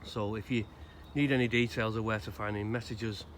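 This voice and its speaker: This man's lowish voice keeps a fairly even intonation as he rambles, conversational and pause-heavy, outdoors in a cemetery. He is a grave-visiting vlogger from Salford, England, sharing a casual spoken tribute and storytelling over background outdoor noise.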